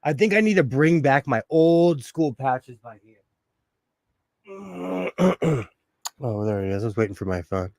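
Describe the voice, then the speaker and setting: A man's voice: mid-range voice, a little slow, vocal fry, pauses often, no room sound. Laughing, chatty man on a dry mic. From Los Angeles. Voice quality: bald. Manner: chatty and laughing often, animated storytelling. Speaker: livestream host. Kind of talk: casual chat while sewing.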